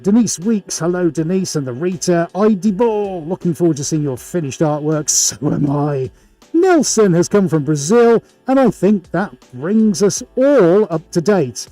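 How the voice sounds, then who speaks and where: A man's voice: a little high, mellow. A man hosting a live painting stream, chatting casually and greeting viewers by name with jokey asides.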